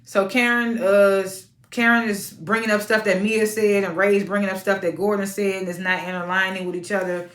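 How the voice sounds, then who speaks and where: A woman giving a casual, outspoken recap of a reality TV episode, animated and prone to sudden high-pitched exclamations. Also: normal speed, few pauses, echoey room. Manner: informal and outspoken.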